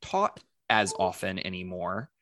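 A man's voice: low-pitched, sing-song, measured pace, sharp tone, slight background noise. A man in casual podcast conversation, thoughtful and encouraging, with hesitant restarts.

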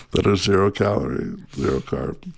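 A man with a very low voice co-hosts a casual podcast, chatting in a laid-back way and laughing easily. He keeps a loose, conversational rhythm. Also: normal speed, gravelly, slightly rough. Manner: laid-back, chuckling often. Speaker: podcast co-host.

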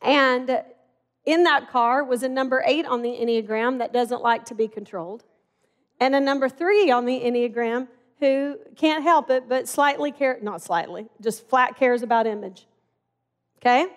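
Middle-aged woman preacher, high-pitched, chatty storytelling sermon. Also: normal speed. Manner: conversational, animated storytelling with acted-out dialogue.

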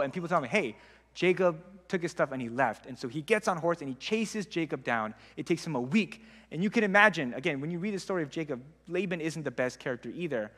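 Fast-talking and expressive, this young man's voice is on the high side and fairly bright. He teaches the Bible in a casual, conversational talk, often saying "like," with long hall reverb in the recording.

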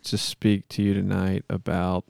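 A man with a low, gravelly yet smooth voice hosts a casual podcast. He jokes around and slips into a mock-solemn praying tone. The sound is close and dry. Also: monotone, unhurried, a little mellow, no room sound. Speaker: podcast host.

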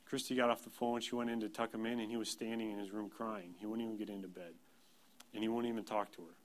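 A man's voice: lowish voice, little pitch movement, fast talker. A man in his thirties, a pastor, giving a sermon in a plain, conversational storytelling way, self-deprecating. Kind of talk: sermon with personal anecdotes.

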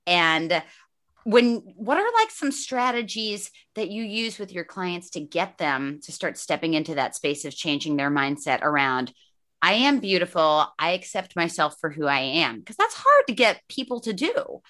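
A woman's voice: fairly low pitch, big pitch swings, moderate pace, bright, forceful tone. A woman hosting a podcast interview, blunt and enthusiastic, swearing freely as she chats. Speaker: podcast host. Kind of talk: casual interview chat.

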